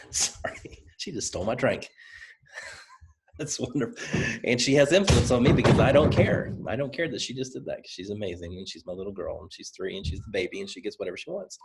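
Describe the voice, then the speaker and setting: A man with a Southern US accent giving a motivational training talk to a team. He speaks in an energetic, conversational, coaching way and repeats points for emphasis. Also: fairly low pitch, fairly quick, creaky. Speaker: presenter.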